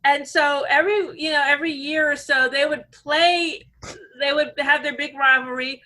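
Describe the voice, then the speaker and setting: A woman from the American South hosts a relaxed group chat over a video call. Her voice sits high and bright. She tells stories in a chatty, animated way. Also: normal speed, low-quality recording. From Savannah, Georgia, USA. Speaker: host.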